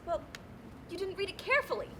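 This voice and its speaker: A woman's voice: very high-pitched, sing-song, fast talker, noisy background. A woman playing a distraught, pestering woman petitioner in a live stage play, whiny and theatrical, recorded on a school stage. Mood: pleading. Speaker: stage actor.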